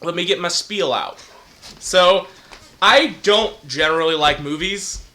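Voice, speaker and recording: A man's voice: sits high, unhurried, bright, forceful tone. A man co-hosting a casual movie review chat in an exaggerated radio voice, swearing constantly.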